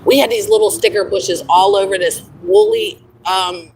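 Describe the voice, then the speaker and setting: A woman's voice: mid-range voice, sing-song, normal speed, a little mellow, far from the mic, slight background noise, rough recording. A middle-aged woman chatting casually on a livestream, rambling and laughing often, calling listeners honey. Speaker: livestream host.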